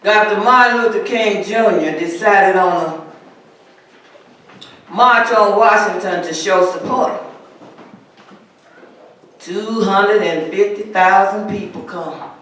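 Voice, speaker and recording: A man performing a dramatic first-person monologue in a church, telling his story slowly and deliberately. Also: high-pitched, fairly bright tone. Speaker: solo performer. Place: large church sanctuary. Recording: echoey church hall from far off.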